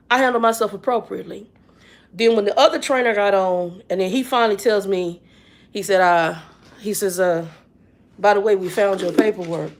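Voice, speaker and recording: A woman vlogger in her 50s shares a story at a moderate pace with a mid-range voice. The telling is casual and animated, and she relays plenty of dialogue.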